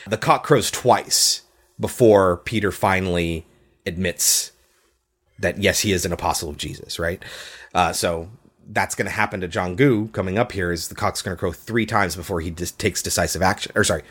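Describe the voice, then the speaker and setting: A low-voiced man walks through a film plot on a casual podcast. He retells it with lively swings, dropping into jokey voices for the characters he quotes. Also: husky. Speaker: podcast host.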